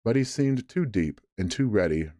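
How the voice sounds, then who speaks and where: A man with a deep, low voice reads a bedtime story aloud in a measured way, now and then tripping over a word. The sound is dry and close, with no room around it. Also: lively intonation, warm tone, dry recording.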